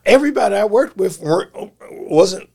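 A man, a life coach, telling stories in a casual interview; he is animated, laughs often and uses slang. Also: high voice, normal speed, gravelly.

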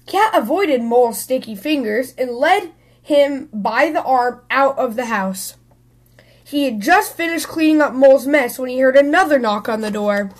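A woman hosting a children's story podcast, reading a picture book aloud in a lively, expressive way. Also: high voice, normal speed.

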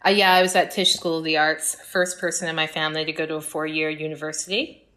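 Middle-aged woman guest, low-set voice, lively anecdotes in easygoing chat. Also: quick pace. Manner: animated storyteller, acts out her past self. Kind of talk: casual podcast chat.

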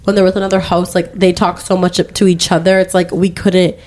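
A woman's voice: on the low side, level tone, brisk, darkish tone, a little hiss or hum. A young woman co-hosting a casual podcast with her sister, congested from a cold, chatty and giggly with a rambling way of talking. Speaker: podcast co-host. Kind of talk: casual chat.

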